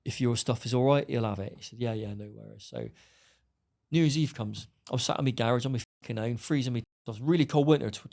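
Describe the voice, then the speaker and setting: A man's voice: medium pitch, creaky, a little mellow. A middle-aged man, bluntly telling his story as a podcast guest and acting out the dialogue. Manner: blunt, swearing, acts out dialogue. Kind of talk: storytelling interview.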